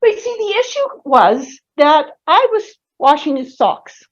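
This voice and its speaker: A woman's voice: high voice, sing-song, unhurried. A woman in her sixties giving a humorous storytelling talk to students in a lecture hall, asking the audience questions as she goes. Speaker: speaker presenting to students. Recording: dull lo-fi recording.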